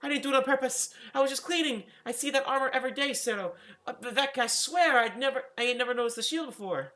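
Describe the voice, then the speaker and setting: A man voicing a frantic young female housemaid in a read-aloud fantasy story, in a high, pleading, flustered voice. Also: fast, pushed and bright. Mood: panicked.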